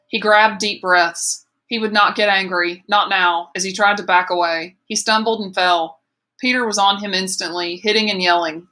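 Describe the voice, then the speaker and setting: A woman narrates a novel with steady, measured pacing. Her voice is bright and forward, and her delivery stays even and plainly readerly. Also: medium pitch. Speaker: audiobook reader. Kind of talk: scripted narration.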